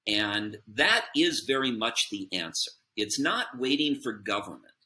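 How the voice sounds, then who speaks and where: A man with a slightly low, forceful voice answering interview questions in an earnest, conversational way. He explains his points patiently and often checks in with a quick "right?" His speech is loose and unscripted, with plenty of ums and uhs. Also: animated. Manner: earnest, explanatory, with frequent fillers and tag "right?". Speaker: podcast guest, business chairman.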